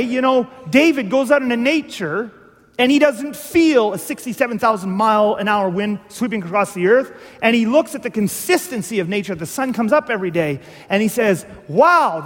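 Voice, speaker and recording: High-voiced male pastor in a reverberant hall. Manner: animated, rhetorical questions, acts out dialogues. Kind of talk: sermon. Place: church hall.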